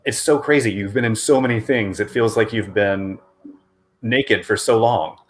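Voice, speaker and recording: A man's voice: on the low side, moderate pace, a little hiss or hum. A man hosting an interview in a playful, teasing manner, often laughing at his own jokes. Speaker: interview host. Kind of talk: casual interview chat.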